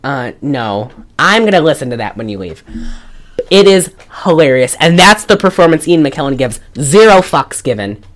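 A woman hosts a podcast and talks through a movie in a loose, joking way, swearing now and then. Her voice sits low but swings widely in pitch, and the talk is animated. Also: moderate pace, rough recording. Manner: animated, jokey, swearing, breaks into laughs. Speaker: podcast host. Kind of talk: casual movie-review chat.

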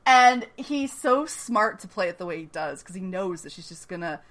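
A woman talks through a TV episode in a loose, chatty way, laughing often and swearing freely. Her voice is bright and forward, and her pitch sits in a middle range. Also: expressive, moderate pace. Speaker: podcast host recapping a TV episode. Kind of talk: casual chat.

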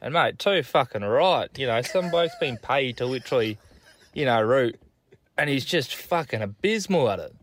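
A man's voice: mid-range voice, animated, moderate pace. A man with an Australian accent, calling in to a podcast. He swears constantly while spinning a crude joke in a laid-back way. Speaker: caller. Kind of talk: crude casual joke-telling voice message.

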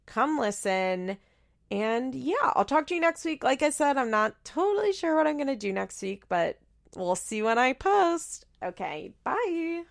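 A young woman podcast host talking in a loose, gossipy recap style, her pitch bouncing up and down a lot. There's a gravelly fry in her voice, and she swears casually and laughs between sentences. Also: very animated, measured pace. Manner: chatty, swears freely, frequent laughter.

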